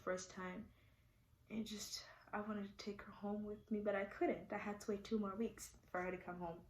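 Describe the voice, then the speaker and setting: A woman's voice: medium pitch, a bit bright. A young woman telling a personal story to her viewers in a loose, rambling, candid way, full of fillers. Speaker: vlogger. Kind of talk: casual storytime. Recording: echoey room.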